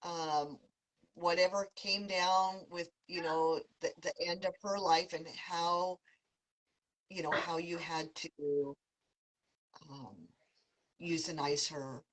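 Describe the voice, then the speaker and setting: Soft-spoken woman giving a pet reading. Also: lowish voice, steady tone, slow, long pauses, rough recording. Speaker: animal communicator, podcast host.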